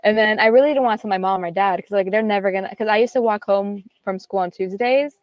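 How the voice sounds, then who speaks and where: A woman's voice: mid-range voice, quick pace, no room sound, muffled recording. A teenage girl chatting casually, telling a long story full of fillers and quoted back-and-forth. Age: teens. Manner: rambling, filler-heavy, quotes others. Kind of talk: casual chat.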